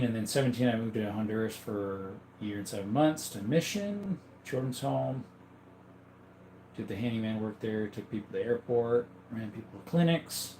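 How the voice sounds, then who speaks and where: A man's voice: lowish voice, a little mellow, roomy sound, a little hiss or hum. A man hosting a casual livestream, rambling and chuckling as he reads out and answers chat comments. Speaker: livestream host.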